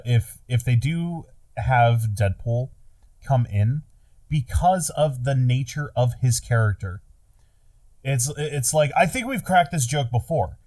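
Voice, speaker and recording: A man's voice: medium pitch, mellow. A man in casual podcast chat who laughs easily, swears freely and acts out jokes.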